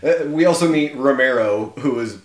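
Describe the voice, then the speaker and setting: An excited man co-hosting a casual film chat, swearing freely and laughing at his own points. His voice sits in a middle register and rings with a noticeable room echo. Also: mid-range voice, normal speed. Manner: enthusiastic, swears and laughs often. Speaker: podcast co-host. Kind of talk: casual movie discussion.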